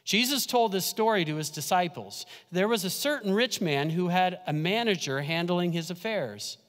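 Male pastor, sermon, high voice, chatty and humorous, slow emphatic drops, echoing church hall. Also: lively intonation, a bit bright. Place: church sanctuary. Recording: long church hall reverb.

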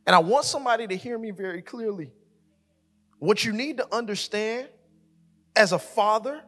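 Male co-pastor, high and bright, very animated sermon delivery, long hall reverb. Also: moderate pace, pauses often. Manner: animated, acts out his daughter's voice, builds to shouting. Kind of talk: sermon with storytelling. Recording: live church hall reverb with music.

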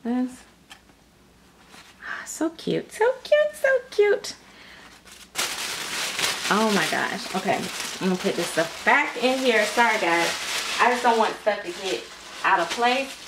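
A vlogger with a medium-pitched voice, speaking at normal speed, unboxes her mail at home. She gushes and gasps excitedly, repeating phrases as she chatters, and the home recording is noisy.

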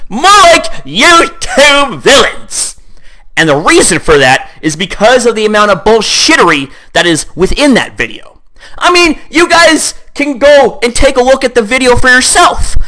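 A man's voice: high voice, pushed and bright. A young man in a heated, profane rant to camera, sweaty and just back from the gym, who keeps returning to "here's the thing". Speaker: YouTuber.

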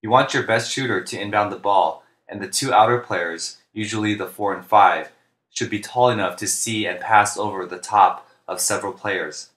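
A man, a basketball coach, narrating instructional plays in a flat, deliberate monotone, speaking clearly. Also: on the low side, reverberant. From United States. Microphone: home recording for narration.

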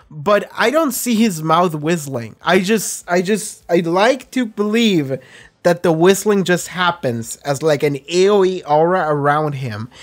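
Excitable, swearing young-sounding man. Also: a little high. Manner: excitable, swears a lot, rambling. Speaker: anime reaction YouTuber. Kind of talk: casual reaction commentary.

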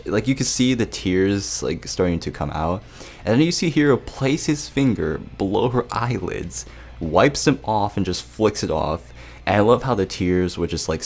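A man's voice: low voice, a little mellow. A young man giving a casual anime episode review, rambling, laughing and swearing as he retells scenes.

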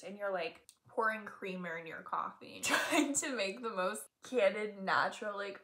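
This twentysomething beauty vlogger talks at a normal speed with hardly any pauses, her medium-pitched voice expressive and a bit bright. She rambles and jokes at herself during a get-ready-with-me makeup chat at home, captured on a tablet camera with slight background noise.

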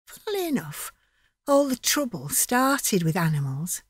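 A woman's voice: medium pitch, sing-song, unhurried, husky, no room sound. A woman narrating a dramatic monologue in a chatty, vivid storytelling manner.

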